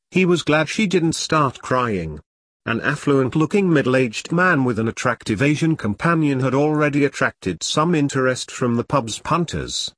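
A man narrating an audiobook in a plain, measured way. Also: medium pitch, lively intonation, fairly bright tone, dry recording, clean studio sound.

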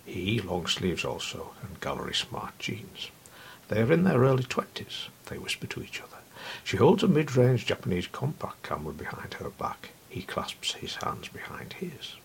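A man's voice: mid-range voice, very animated, normal speed, gravelly. A man reading a first-person literary story in a wry, intimate way, often dropping to a whisper.

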